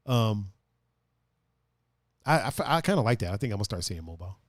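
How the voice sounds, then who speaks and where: A man hosting a podcast in casual chat, animated and profane, reading listener comments aloud. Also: fairly low pitch, a little fast, no echo, clean studio sound. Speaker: podcast host.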